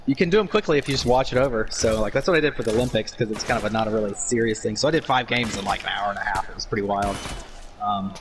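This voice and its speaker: A man's voice: lowish voice, very fast, noisy background. Earnest man explaining his craft. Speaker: guest, game commentator. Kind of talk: casual podcast chat.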